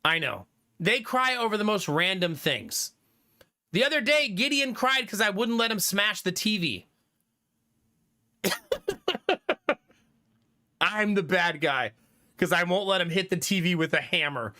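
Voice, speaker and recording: A man's voice: sits high, a little slow, long pauses. A man in his thirties chatting casually with viewers on a livestream, telling funny stories about his kids and laughing often. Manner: animated storytelling with frequent laughter. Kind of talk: casual chat reading viewer comments.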